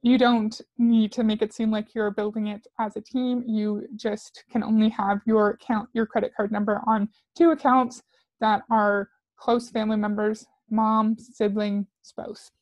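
A woman's voice: mid-range voice, little pitch movement, a little slow, a little mellow, dry recording, muffled recording. A woman commentator reacting to clips with sarcastic, skeptical remarks. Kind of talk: critical commentary.

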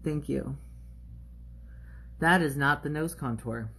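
A man's voice: fairly high pitch, slow, gravelly, a bit bright, husky. A young man, a drag performer, chatting playfully while doing his makeup at home on a phone livestream, laughing often. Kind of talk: casual livestream chat.

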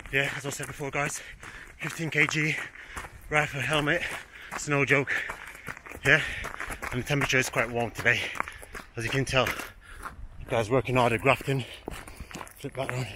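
A man with a British accent, slightly out of breath, filming a fitness run outdoors on a handheld camera and calling out encouragement to the runners. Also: medium pitch. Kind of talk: outdoor vlog with shouted encouragement. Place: outdoors on a running route. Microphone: handheld camera while running. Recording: noisy outdoor recording.

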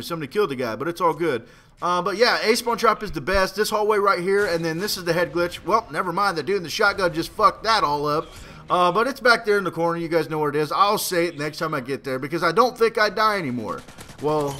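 A young man with a fairly high voice rambles excitably over his own gameplay, swearing freely and every so often bursting into a shout.

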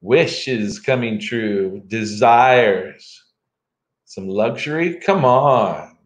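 A man's voice: on the low side, drawn-out words. A middle-aged man giving a live tarot reading for viewers, playful and joking between cards. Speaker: tarot reader. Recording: roomy echo.

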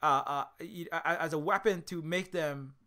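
A man's voice: on the high side, moderate pace, pushed and bright. A man from Hawaii giving a heated unscripted monologue, repeating words and restarting his sentences. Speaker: video essayist.

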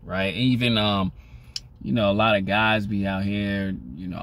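Young man, vlogger, casual rambling, filler-heavy, relaxed conversational delivery. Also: unhurried. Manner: rambling, lots of "you know" fillers; laid-back and conversational, pitch rises when acting out lines. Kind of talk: casual talk to camera.

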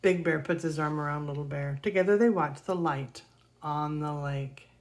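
A woman reading a children's picture book aloud in a gentle, expressive way. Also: sits low, normal speed. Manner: gentle, expressive read-aloud with gasps and soft laughs. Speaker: storybook reader.

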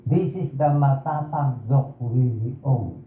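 Hoarse slow-talking Filipino man. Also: mid-range voice. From Philippines. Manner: emotional, pleading confessional talk mixing languages. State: hoarse, voice dried out. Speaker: doctor speaking to the public. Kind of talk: emotional personal address. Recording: echoey room over a tinny phone-like line.

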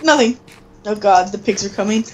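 A woman's voice: mid-range voice, moderate pace. A young woman chatting while playing a video game, teasing and giggly, and she has the hiccups. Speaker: gamer. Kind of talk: casual gameplay chat. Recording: faint background noise.

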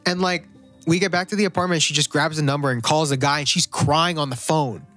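A young man co-hosting a podcast, telling a story in a loose, profane, animated way. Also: fairly high pitch, brisk, faint music behind. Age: young adult. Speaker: podcast co-host. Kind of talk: casual storytelling chat.

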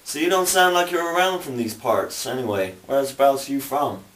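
A man pitches his voice above his own natural range to a medium level, brisk and fairly bright, playing a folksy old-timey bartender in an amateur comedy sketch. With a fake Southern drawl, he courteously calls people "sir" and "son." A distant camera mic records him in a roomy space with slight noise.

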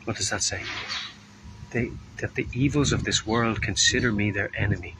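Against a noisy background, a man preaches on the street in a low voice, taking his time and drawing out each word. His sermon is earnest and informal, and he sometimes performs the voices of the people he quotes.

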